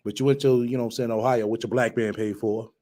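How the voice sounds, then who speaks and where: A man's voice: medium pitch, fairly even intonation, fast talker, dark tone. Mocking, profane man heckling a clip. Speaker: commentary host reacting to a clip. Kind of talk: profane reaction commentary.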